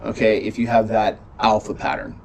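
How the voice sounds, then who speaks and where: A man's voice: on the low side, monotone, moderate pace, a little mellow, a little hiss or hum, rough recording. A man teaching a beginning Greek class, explaining patiently and checking in with "right?" often. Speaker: Greek instructor. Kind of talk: classroom lecture.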